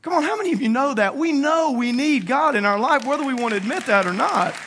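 A man preaching a casual, slangy sermon, retelling a Bible story with animated acted-out quotes. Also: extremely high pitch, quick pace, background noise. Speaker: pastor.

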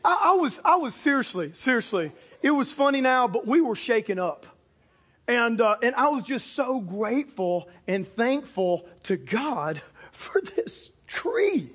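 A man, a pastor, preaching a sermon built around a personal story, talking animatedly and breaking into shouts at the big moments. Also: extremely high pitch, unhurried, slightly rough. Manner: animated, bursts into shouts for punchlines. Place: church or auditorium with a live congregation.

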